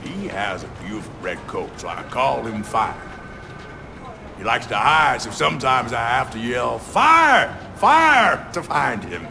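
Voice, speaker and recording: A man's voice: mid-range voice, moderate pace, gravelly, over music, lightly acted. A man voicing a naive citizen who talks in an earnest, oblivious way. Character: odd, naive male citizen with a complaint. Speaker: citizen at the police desk. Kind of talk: video game voice acting.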